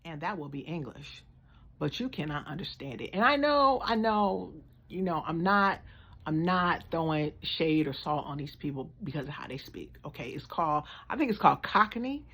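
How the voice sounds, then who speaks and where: An American woman giving blunt, slangy, animated opinion commentary in a casual vlog. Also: low voice, moderate pace, slightly rough. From United States. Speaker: vlogger.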